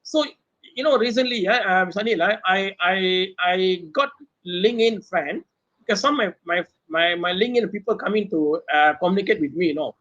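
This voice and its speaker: A middle-aged professor with a Malaysian English accent holds forth on a panel, animated and throwing rhetorical questions at the others. His voice sits high for a man. The webinar audio is dull and lo-fi. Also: brisk. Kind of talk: unscripted panel talk. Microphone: webinar video call mic.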